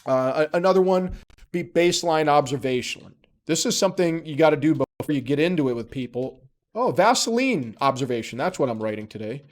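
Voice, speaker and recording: A man's voice: a little high, a little fast, darkish tone. A man giving a casual spoken lesson, emphatic and chatty, often checking in with "okay?" and dropping joking asides. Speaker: instructor.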